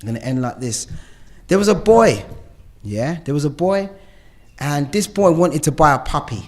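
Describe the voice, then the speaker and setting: A man's voice: a little high, lively intonation, moderate pace. A man speaking at a recovery meeting, telling a personal share and a story, earnest and full of "you know" and "yeah?" asides.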